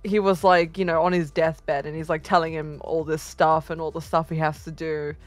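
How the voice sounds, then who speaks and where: A woman co-hosting a casual movie podcast, drawing out her words and breaking into loud exclamations when excited. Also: low-pitched, normal speed, no echo, faint music behind. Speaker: podcast co-host.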